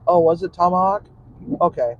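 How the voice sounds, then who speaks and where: A man's voice: sits high, normal speed, dry recording, dull audio. A man, a cook and vlogger, rambling casually to his audience from his car in traffic, laughing often and muttering asides. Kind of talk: casual rambling monologue while driving.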